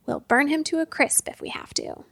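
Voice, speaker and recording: A woman's voice: high-pitched, wildly swooping pitch, normal speed, vocal fry, a bit bright, no room sound, heavily acted. A woman voicing a big, blunt male monster who stomps and plots revenge. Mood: vengeful.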